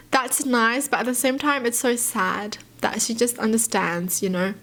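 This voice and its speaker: A woman's voice: a little high, steady tone, moderate pace, a bit bright. Emotive woman reading stories. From Australia. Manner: emotive, sympathetic, gasps and sighs, chatty fillers. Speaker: YouTuber. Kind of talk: reading stories aloud and reacting.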